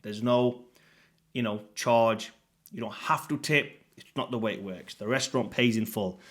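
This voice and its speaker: A man in his late thirties from the UK, talking casually to camera as a fitness coach, blunt and sweary with lively swings in pitch and loudness. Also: normal speed. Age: 30s.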